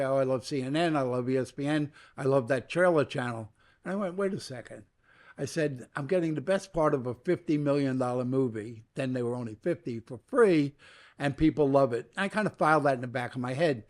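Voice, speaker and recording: An older man from New York, a guest in an interview, telling long stories and acting out the dialogue as he goes. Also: medium pitch. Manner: animated storyteller acting out quoted dialogue. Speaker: guest, media entrepreneur. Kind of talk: storytelling interview.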